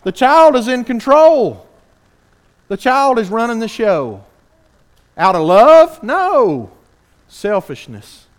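A man preaching a sermon, earnest and animated, asking the congregation rhetorical questions. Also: extremely high pitch, slow pace, long pauses.

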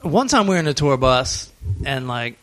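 A man telling tour stories on a podcast, his voice of ordinary pitch. He is lively and laughs easily, and he slips into other people's voices as he goes. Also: normal speed. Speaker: podcast host. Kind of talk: casual storytelling chat.

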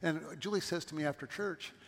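A man's voice: on the high side, brisk, big-room sound. A middle-aged man from California, a pastor giving a sermon and telling stories with asides to the congregation.

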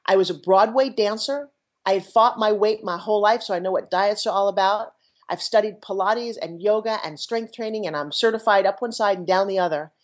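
Energetic, enthusiastic middle-aged woman. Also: mid-range voice, fairly quick. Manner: energetic, enthusiastic, jumps into quoted voices. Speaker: podcast guest, TV pitchwoman and entrepreneur. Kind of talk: animated storytelling interview.

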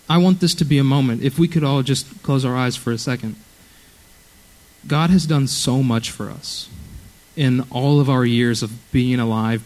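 A man's voice: medium pitch, a little mellow, low-quality recording. A young man preaching at a church youth service, earnest and conversational, often checking in with "okay?". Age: young adult. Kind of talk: sermon.

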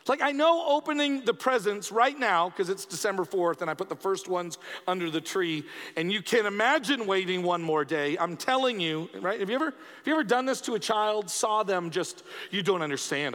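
A man's voice: high-pitched, animated, normal speed, hardly any pauses, a bit bright. A male pastor preaching a sermon in an emphatic, conversational way, often repeating words for stress. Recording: long reverb of a church hall.

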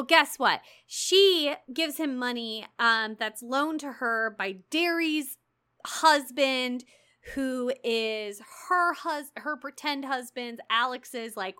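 A young adult woman co-hosting a casual book discussion, recapping the plot in an animated, profane way with frequent laughs. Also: high voice, slow pace, smooth. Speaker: podcast co-host.

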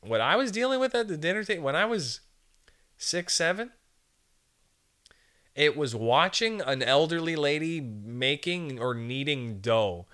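Bright, clear-voiced young man rambling. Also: fairly high pitch, very animated, unhurried. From Canada. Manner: rambling, jokey, slips into put-on voices. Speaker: podcast host. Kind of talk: casual comedic monologue.

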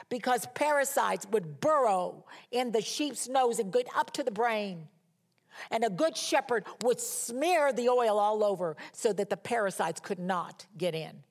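Emphatic woman preaching a sermon. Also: a little high. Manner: emphatic, repeats key words for stress. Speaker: Bible teacher. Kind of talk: conversational sermon.

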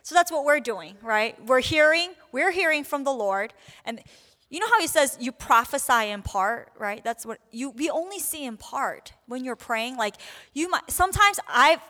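A woman teaching on prayer in a casual, animated way, acting out the short prayers and replies she describes. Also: high voice, normal speed. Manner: casual, animated, acts out little prayers and quotes. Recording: long hall reverb.

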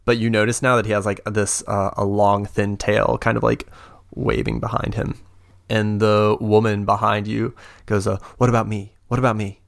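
Gravelly-voiced man running a tabletop game. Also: on the low side, flat delivery, moderate pace. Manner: hesitant, many fillers and restarts. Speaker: game master.

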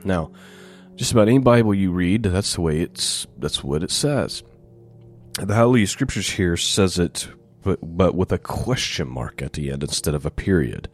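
A man giving a relaxed, conversational Bible teaching, reading scripture aloud with rising emphasis. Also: low-pitched. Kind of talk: conversational Torah portion teaching.

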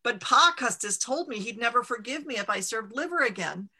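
A woman's voice: a little high, expressive, a little fast, bright, forceful tone, slightly rough, exaggerated voice. A woman voicing an exasperated, stubborn country mother in a storybook read-aloud, pleading with a raised voice.

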